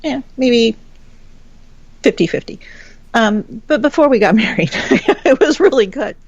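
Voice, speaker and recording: A woman's voice: a little high, expressive, unhurried, a little mellow, no echo, dull audio. A woman guest telling a personal story in a frank, chatty way, swearing casually. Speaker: podcast guest.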